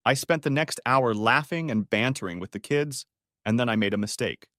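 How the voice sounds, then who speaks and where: A man's voice: medium pitch, normal speed, fairly bright tone, dry recording, studio quality. A man narrating a first-person story audiobook in a wry, conversational way.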